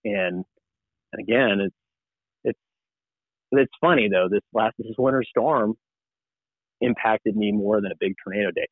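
A man working as a TV meteorologist, talking casually as a guest and telling animated stories, acting out what people said. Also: on the low side, unhurried, creaky, long pauses, no room sound. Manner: animated storyteller, acts out quoted dialogue. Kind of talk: casual podcast conversation. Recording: dry phone-like sound.

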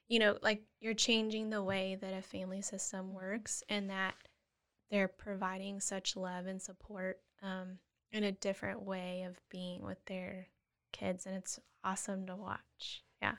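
A woman guest on a podcast, earnestly explaining how she supports children, often acting out gentle words to a child. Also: medium pitch, monotone, measured pace. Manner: earnest, acts out gentle parent dialogue. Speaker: guest, family therapist. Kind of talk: casual interview chat.

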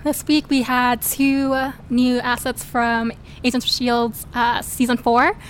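A woman's voice: on the high side, flat delivery, measured pace, a little hiss or hum. A woman co-hosting a podcast, giving news in a precise, slightly formal way. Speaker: podcast co-host. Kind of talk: casual news roundup.

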